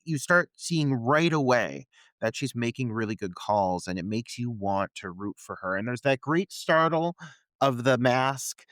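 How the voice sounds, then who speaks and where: A man co-hosting a film podcast who talks in an easygoing, wry way, full of "like" and "um". His voice sits at a middle pitch. The recording is dry, with no room echo. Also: measured pace. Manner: relaxed, wry commentary with filler words. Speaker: podcast co-host. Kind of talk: casual film discussion.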